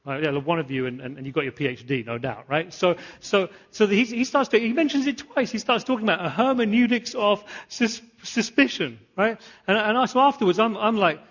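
A pastor preaching a sermon, animated, repeating phrases and asking the congregation questions. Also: male voice, high-pitched, brisk, husky, muffled recording. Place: church.

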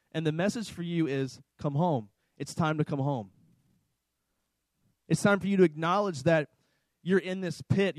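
A man's voice: on the high side, darkish tone, no echo, rough recording. A man preaching a sermon to a congregation, emphatic and repeating key lines for his listeners. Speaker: pastor. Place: church service with slides.

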